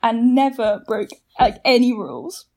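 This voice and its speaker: A woman's voice: on the high side, very animated, unhurried, gravelly, a little mellow. A young woman, a guest, chatting hesitantly with frequent laughs. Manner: hesitant, self-conscious, giggly. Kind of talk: casual chat.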